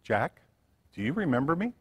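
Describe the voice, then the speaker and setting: A man's voice: on the high side, big pitch swings, moderate pace, breathy edge. A man voicing a wealthy, kind middle-aged businesswoman who speaks politely but insists. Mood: gracious. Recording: church hall reverb.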